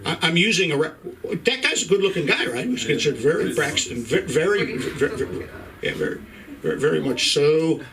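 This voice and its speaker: A man's voice: a little high, sing-song, a little fast, a bit bright, distant mic, low-quality recording. A middle-aged man from Ireland doing a profane stand-up set in a comedy club, working the crowd with stammering restarts.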